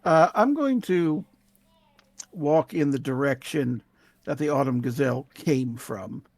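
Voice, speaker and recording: A man playing a tabletop game, describing what his character does and asking brisk questions. His voice sits a little high. The sound is dry and close. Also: animated, a little mellow, no room sound. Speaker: player.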